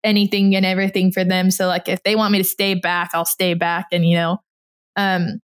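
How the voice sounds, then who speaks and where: A woman's voice: on the low side, level tone, a little fast. A young woman in casual conversation as a guest, talking freely, acting out what people said and laughing often. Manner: chatty, quotes people in little voices, laughs often. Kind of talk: casual chat.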